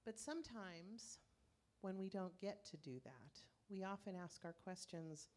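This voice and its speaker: A woman's voice: medium pitch, animated, measured pace, darkish tone. A woman minister giving a conversational sermon in a church, telling stories and acting out inner voices. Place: church sanctuary.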